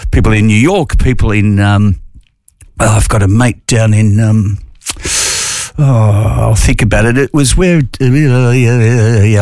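A man's voice: mid-range voice, no room sound, clean studio sound. A man hosting a community radio show, playful and self-mocking with chuckling asides. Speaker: radio host. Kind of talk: casual radio banter. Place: radio studio.

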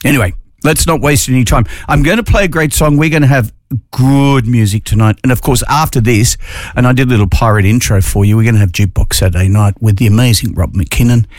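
A man's voice: mid-range voice, fast talker, no room sound, studio quality. A man hosting a community radio show, playful and self-mocking with chuckling asides. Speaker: radio host. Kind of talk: casual radio banter. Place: radio studio.

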